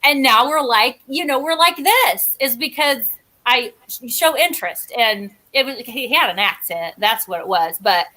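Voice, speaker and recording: Chatty bright-voiced woman guest. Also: a little high, lively intonation, normal speed. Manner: rambling, chatty, self-mocking. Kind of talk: casual chat.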